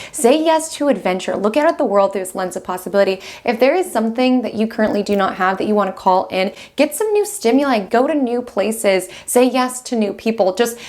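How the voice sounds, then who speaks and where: A young woman hosting an astrology video, talking in a lively, chatty way from a room at home, often laughing between thoughts. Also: medium pitch. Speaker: astrology host. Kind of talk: casual astrology vlog talk. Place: room at home with window open.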